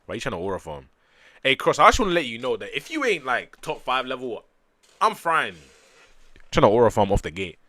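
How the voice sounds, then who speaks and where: A man reading a manga aloud on a stream, joking and chatting between panels with animated bursts. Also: medium pitch, brisk, dry recording. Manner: animated, jokey, breaks into loud excited bursts.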